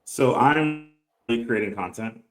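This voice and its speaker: A man in his late thirties, a guest entrepreneur speaking earnestly and reflectively in a podcast interview, often quoting others in quick bursts. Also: medium pitch. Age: 30s. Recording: echoey room.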